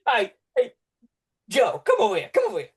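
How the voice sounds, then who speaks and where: A man's voice: very high voice, huge pitch swings, takes it slowly, a little mellow, pitched above the performer's own voice, full character voice. A man voicing a jolly male jail guard who keeps cackling at a prisoner. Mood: mocking glee. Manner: cackling between lines.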